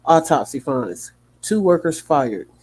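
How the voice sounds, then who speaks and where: A man hosting a livestream, reading a news article aloud in a sleepy, yawning way, with small slips and quick asides to his chat. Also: on the high side, big pitch swings, a little mellow, breathy edge. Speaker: livestream host.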